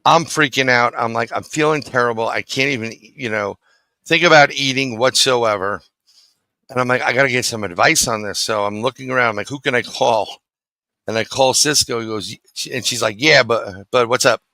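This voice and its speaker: A middle-aged New man tells a story as an interview guest, acting out each exchange. His voice is gravelly and bright. The sound is dry and close. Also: mid-range voice, moderate pace, dry recording, low-quality recording. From New York City. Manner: animated storyteller acting out dialogue.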